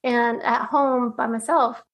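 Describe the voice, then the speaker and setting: High-voiced woman telling her story. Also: fairly even intonation, takes it slowly, dull audio. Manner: tearful, laughs often, acts out dialogue. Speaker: guest, artist. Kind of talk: emotional personal storytelling.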